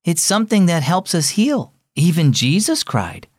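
Man doing a soothing, gentle mom in a children's radio story, pitched up a little. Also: big pitch swings, moderate pace, breathy edge, no echo, clean studio sound. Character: gentle comforting mother.

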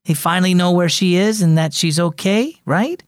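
A man voicing an earnest, curious young schoolgirl in a children's storybook reading, lifting his voice higher for her lines. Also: normal speed, no room sound, clean studio sound, close to an everyday voice.

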